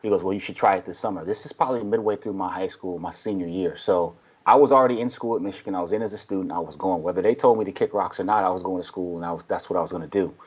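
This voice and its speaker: A man in his forties with a low, husky voice, telling long stories on a podcast. He acts out the people he quotes with animated shifts. The tone is casual and conversational. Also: rapid-fire, hardly any pauses. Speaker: podcast guest, baseball coach. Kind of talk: casual storytelling.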